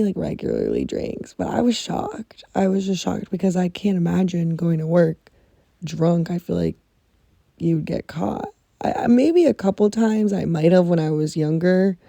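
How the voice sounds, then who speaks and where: A woman hosting her own podcast, telling stories in a rambling, animated way with frequent swearing, talking from under a blanket. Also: lowish voice, gravelly, no echo. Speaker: podcast host. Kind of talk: casual storytelling.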